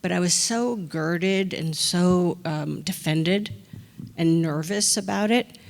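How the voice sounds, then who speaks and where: Woman, gravelly voice, lively storyteller who acts out quotes, long hall reverb; good for panel talk. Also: lowish voice, takes it slowly. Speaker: actor on a film panel. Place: large hall on stage.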